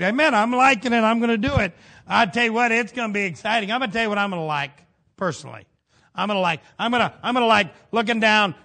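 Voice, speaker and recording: Man preaching, folksy, bursts of shouting and low asides, high voice. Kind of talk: sermon.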